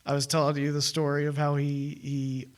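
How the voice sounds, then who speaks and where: A man's voice: on the high side, completely flat delivery, moderate pace. A young man co-hosting a movie review podcast, talking casually, rambling and cutting himself off mid-thought. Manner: rambling, self-interrupting, laughs often. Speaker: podcast co-host.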